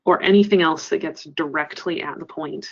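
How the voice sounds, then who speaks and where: A woman trainer giving a webinar presentation, explaining earnestly and often pausing with "um". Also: low voice, dull audio. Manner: earnest, explanatory, frequent ums. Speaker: crisis center trainer.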